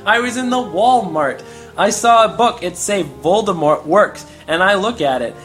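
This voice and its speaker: A dim, friendly cartoon starfish, as a man reads him out. The lines come high and earnest, in a raised storytelling pitch. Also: animated, moderate pace, a bit bright, faint music behind. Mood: excited.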